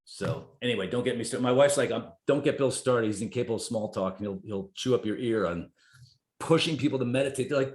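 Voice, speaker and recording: A man in his fifties from New Jersey talks as a podcast guest, middle-pitched and animated, swearing freely and acting out his own inner voice. The room sounds roomy and echoey. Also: quick pace. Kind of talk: conversational storytelling. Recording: roomy echo.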